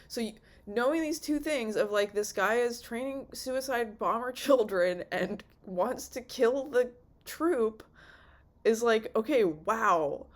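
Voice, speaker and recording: A young woman giving an off-the-cuff review in a rambling, swearing, animated way, acting out the characters' lines. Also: mid-range voice. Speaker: vlogger reviewing a TV series.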